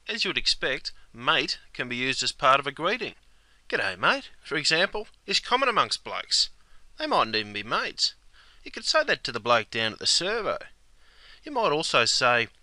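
Australian man, gravelly, bright tone, very lively pitch, dry close sound, comedy explainer. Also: no echo. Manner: broad, matey, deadpan instructional. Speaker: comic host explaining slang. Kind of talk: comedic scripted explainer sketch.

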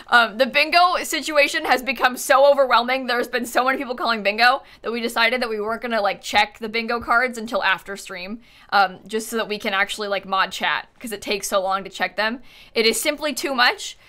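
A woman's voice: a little high, brisk, sharp tone. A woman chatting casually on a live gaming stream, giggling often and thanking viewers as she plays.

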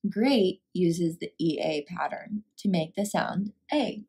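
A woman teacher reading a picture book aloud and walking through a phonics lesson, sounding out words clearly. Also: lowish voice, animated, takes it slowly, few pauses, mellow.

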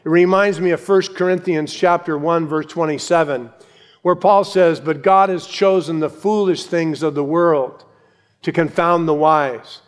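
A male pastor delivers an earnest sermon, driving points home with emphatic repetition. His voice sits a little high for a man. It rings out with a long reverb through a church sanctuary. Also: fairly even intonation, a little slow. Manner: earnest, emphatic preaching with repeated phrases.

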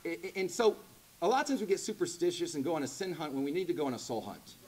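A man preaching a sermon in a church, animated and conversational, rising to loud emphatic peaks. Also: fairly high pitch, quick pace, slight background noise. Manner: conversational asides with laughter. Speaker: pastor.

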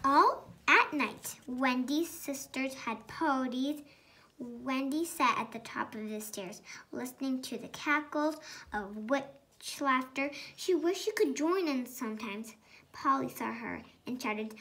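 Bright, high-voiced woman reading aloud. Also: takes it slowly. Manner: chatty, commenting on the story. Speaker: storytime co-host. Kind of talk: reading a picture book aloud.

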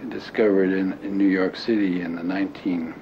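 Give me a deep-voiced older man recalling the past haltingly, on muffled, noisy tape. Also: little pitch movement. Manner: halting, with many restarts and fillers. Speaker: interviewee. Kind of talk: reminiscing interview. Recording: dull lo-fi audio with clear noise.

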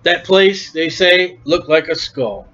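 A man preaching an impassioned sermon, dropping to low murmurs and rising to shouts. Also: expressive, slow pace. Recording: dull lo-fi recording.

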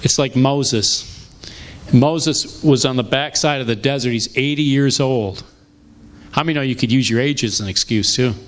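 Middle-aged guy pastor telling stories from the pulpit, chatty and animated, keeps restarting sentences, mid-range voice. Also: mid-range voice, normal speed, slight background noise. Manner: animated, conversational, with frequent restarts. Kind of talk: storytelling sermon. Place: church sanctuary.

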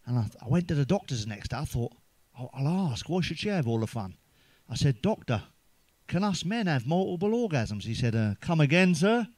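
A middle-aged man delivers crude stand-up jokes, swearing freely and chuckling at his own lines. His voice sits a little high for a man and sounds dry and close, with no room echo. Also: very animated, normal speed, darkish tone. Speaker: stand-up comedian.

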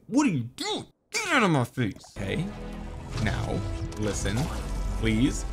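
A young man giving gameplay commentary, with exasperated, joking rants at the game. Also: mid-range voice. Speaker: gaming content creator.

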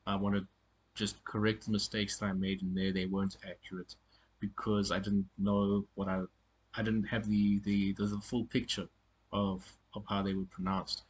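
A man giving a casual spoken lesson on pronunciation, often halting and repeating words as he corrects himself. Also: on the low side, level tone, slight background noise. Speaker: language teacher.

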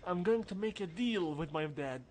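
A man's voice: high-pitched, animated, normal speed, a little mellow, a little hiss or hum. A man reading game dialogue aloud, voicing an anxious teenage schoolboy in a put-on accent and stumbling over the lines. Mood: frustrated, resolved.

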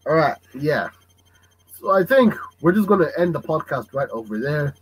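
Man, podcast host, casual chat, lively swooping pitch, husky tone, acts out voices. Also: moderate pace, poor audio. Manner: animated, acts out parents' voices.

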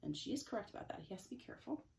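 A woman librarian reading a picture book to preschoolers, gentle and expressive, with chatty asides to the children. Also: mid-range voice, very fast, vocal fry. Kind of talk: preschool story time reading.

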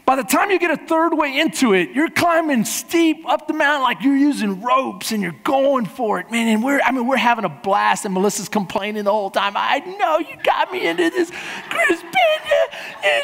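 High-voiced pastor telling a joking story. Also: male voice, fairly quick, few pauses. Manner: lively, joking storyteller acting out quotes. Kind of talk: sermon with a humorous travel story. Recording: long hall reverb in a church.

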